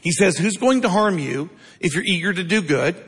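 A man's voice: high voice, lively intonation, moderate pace, a bit bright, husky, long reverb tail. A man preaching a sermon in a conversational way, asking the congregation to answer back. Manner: conversational preaching, asks the crowd for responses. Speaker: pastor.

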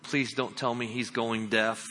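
A timid woman murmuring quick, anxious prayers, soft and hushed, with a bright edge, as a male preacher voices her. A long reverb trails behind, as in a large hall. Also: medium pitch, level tone. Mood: hushed, pleading. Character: kind, timid woman, anxious, praying under her breath.

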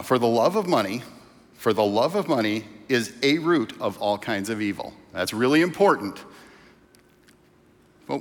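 A male pastor delivers a casual, story-driven sermon with a lively, swinging pitch. His voice carries the long reverb of a church hall. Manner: conversational preaching, tells stories.

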